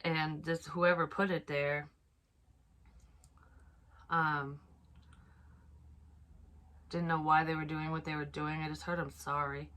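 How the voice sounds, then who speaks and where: A woman giving an unscripted psychic reading, soft and hesitant, thinking aloud with many restarts and casual swearing. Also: deep voice, flat delivery, takes it slowly, pauses often, a little hiss or hum. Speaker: psychic medium.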